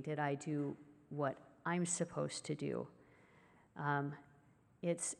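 A woman sharing earnestly at a recovery support meeting, halting with many fillers. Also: low voice, darkish tone, big-room sound. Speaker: recovery group member sharing.

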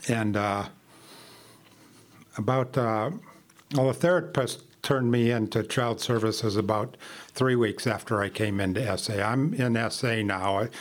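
An older man giving a personal testimony at a recovery meeting, halting with frequent restarts and small laughs. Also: lowish voice, steady tone. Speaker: member sharing at a recovery meeting.

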